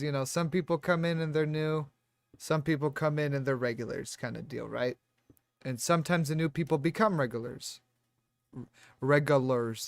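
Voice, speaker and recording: Rambling, higher-voiced male streamer. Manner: rambling, animated, with lots of restarts and fillers. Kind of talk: casual storytelling on a live stream.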